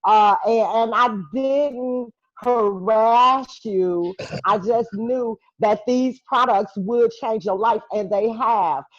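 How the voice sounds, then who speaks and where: A woman's voice: a little high, slow pace, hardly any pauses, dry recording. A woman speaks on a video call, heartfelt and encouraging. Her sound is dry, close and dull.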